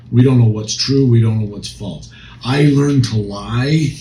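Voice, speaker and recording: A man's voice: mid-range voice, unhurried, dark tone. Earnest man with an echoey sound. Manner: earnest, emphatic, with frequent restarts. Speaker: recovery counselor and podcast co-host. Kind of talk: casual discussion. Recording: echoey room, faint noise.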